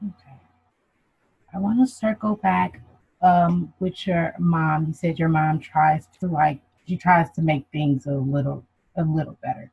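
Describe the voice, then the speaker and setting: Someone plays a patient counselor in a role-play, reflecting back and asking gentle questions. The voice is very breathy and husky, and the recording sounds dull and lo-fi. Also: medium pitch, steady tone, a little slow. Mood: calm. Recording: dull lo-fi audio.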